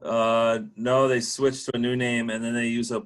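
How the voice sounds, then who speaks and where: A man who coaches the team, interviewing former players in a relaxed, joking way. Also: mid-range voice, normal speed. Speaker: head coach interviewing alumni. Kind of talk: casual interview.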